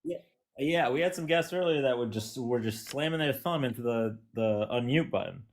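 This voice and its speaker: A man moderating a live stream, calmly explaining how things work. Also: mid-range voice, normal speed. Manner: calm, explanatory. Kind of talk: casual live-stream chat.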